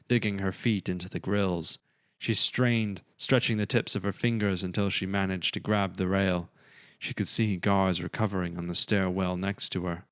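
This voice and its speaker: In a scripted audiobook reading, a male narrator tells the story in a steady, measured way. His voice is low, resonant and smooth, recorded close and dry with no echo.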